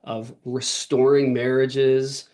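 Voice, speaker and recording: Brief: man, podcast guest, earnest, rambling, lots of "um" and "like", middling pitch. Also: level tone, takes it slowly, warm tone. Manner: earnest, talks in long runs with many fillers and restarts. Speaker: podcast guest, author and workshop leader. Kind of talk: casual interview talk.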